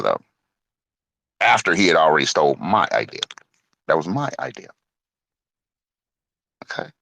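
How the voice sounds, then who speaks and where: Middle-aged man, angry profane rant, swinging pitch, dry close sound. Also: a bit bright, no room sound. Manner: profane, heated storytelling with mocking quoted voices. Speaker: online show host. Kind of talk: angry monologue.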